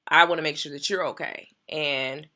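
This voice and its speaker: A woman's voice: low-pitched, steady tone, normal speed, sharp tone. A woman pastor sharing a personal story in an earnest, emphatic way, repeating key phrases.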